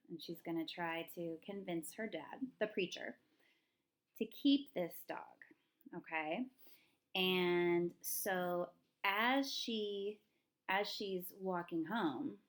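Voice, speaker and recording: A woman teaching a third-grade reading lesson, talking chattily and thinking aloud, asking her young students questions as she goes. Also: fairly low pitch. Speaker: elementary school teacher. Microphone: recorded lesson video.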